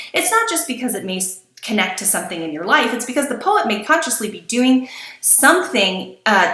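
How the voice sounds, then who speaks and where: A woman's voice: medium pitch, fairly bright tone, roomy sound. A woman teaching a recorded lesson, chatty and informal, with fillers, restarts and self-deprecating asides. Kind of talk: recorded lecture on poetry.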